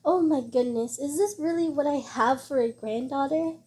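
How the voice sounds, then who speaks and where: Old grandmother, read by a woman, shrill, indignant, scolding, high-pitched, mellow tone. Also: normal speed, natural voice. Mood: aghast.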